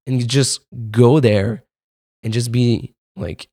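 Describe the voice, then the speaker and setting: A male podcast host thinks out loud in a loose, rambling monologue, piling up fillers and casual swearing. His voice sits at an ordinary middle pitch. The recording is close and dry, with no room echo. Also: steady tone, drawn-out words. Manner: rambling and profane, with frequent fillers and laughs.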